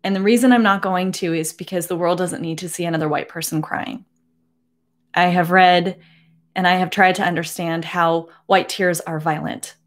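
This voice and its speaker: A woman in her forties speaking earnestly to camera from her home, emotional and holding back tears, with many halting restarts. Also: lowish voice, fairly even intonation. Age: 40s. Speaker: beauty vlogger. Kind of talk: personal address to camera.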